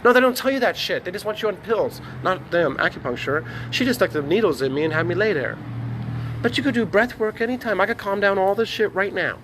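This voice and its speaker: A man ranting in a rambling, profane, preachy vlog monologue, talking excitedly to his phone camera. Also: high-pitched, fairly quick, slight background noise. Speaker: vlogger. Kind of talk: rambling selfie-video monologue. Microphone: phone on a tripod.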